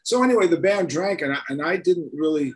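A man in his seventies from New York, a musician being interviewed, telling stories with animated energy and acting out the voices. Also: fairly high pitch, fast talker. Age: 70s. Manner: animated storyteller who acts out voices. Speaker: guest musician. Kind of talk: casual storytelling interview.

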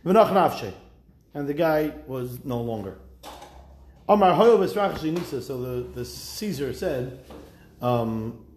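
A man teaching a Talmud class, reading each line and retelling it as a lively story with wry asides. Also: medium pitch, slow pace, pauses often, reverberant, slight background noise.

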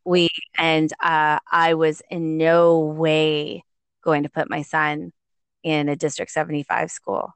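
A middle-aged woman, a guest telling a personal story in an animated, conversational way, often acting out the voices of others and laughing. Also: low voice, slow pace, clear, resonant tone, no room sound. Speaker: guest, parent.

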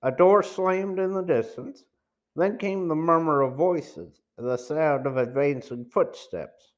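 A man's voice: fairly high pitch, a little slow. A man reading a novel aloud as an amateur audiobook narrator, careful with small stumbles. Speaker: audiobook reader.

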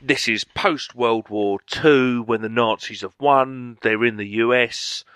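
A man's voice: medium pitch, slow pace, fairly bright tone, smooth, dry recording. A man co-hosting a podcast, chatting enthusiastically about video games and swearing freely. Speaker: podcast co-host. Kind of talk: casual chat.

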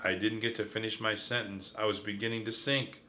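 A man narrates a children's storybook with lively, expressive delivery. His voice sits somewhat low but sounds bright and forceful. He reads with clear energy. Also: fairly quick, a little hiss or hum. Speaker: audiobook narrator.

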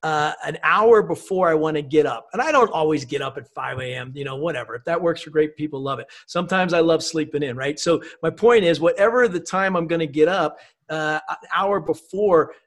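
A man's voice: on the high side, a little fast. A man as a podcast guest, talking casually and upbeat, with many "you know" and "right" fillers. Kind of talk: casual conversation.

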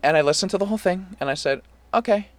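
A young man co-hosting a podcast, casually telling an animated story full of swearing. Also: a little high, rapid-fire, faint music behind. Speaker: podcast co-host. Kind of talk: casual chat.

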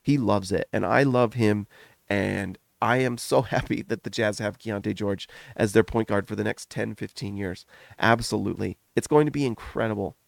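A middle-aged man talks basketball on his podcast with a gravelly, fry-edged voice. He gushes in quick, animated bursts and sounds a bit foggy from a recent illness. The recording is close and dry, with no room sound. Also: on the low side, no echo. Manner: animated, gushing, talks in rapid runs. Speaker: podcast host. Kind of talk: casual sports commentary.

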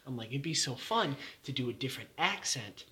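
A man's voice: mid-range voice, lively intonation, brisk, sharp tone. A young man chatting casually, rambling with lots of fillers and laughter. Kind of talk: casual chat.

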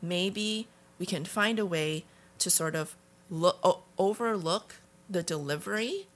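A woman's voice: on the low side, a little slow. A woman co-hosting a podcast, talking in a reflective, frank way and now and then swearing. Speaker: podcast co-host. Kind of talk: casual conversation.

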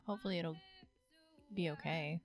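A woman in casual chat with a friend, relaxed and talkative, laughing often. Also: deep voice, normal speed, faint music behind.

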